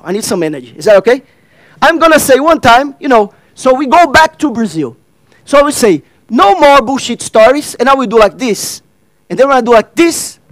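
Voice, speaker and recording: Man giving a workshop talk, very high voice, dry close sound, asks the crowd questions. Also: a bit bright, no room sound, rough recording. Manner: addresses and questions the audience, acts out dialogue; non-native grammar, repeats phrases. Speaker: workshop speaker. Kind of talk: interactive stage talk.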